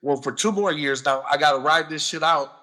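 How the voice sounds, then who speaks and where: A man, a guest on a podcast, telling a story in a casual, animated way, swearing freely and acting out other people's voices. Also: on the high side, brisk.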